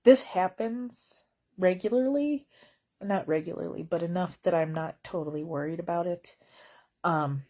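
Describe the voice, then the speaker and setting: A woman with a husky, slightly low voice talks casually to her camera from bed at home. Her delivery is slow and unhurried, wry and blunt, wandering between topics with plenty of fillers. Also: darkish tone. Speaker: vlogger.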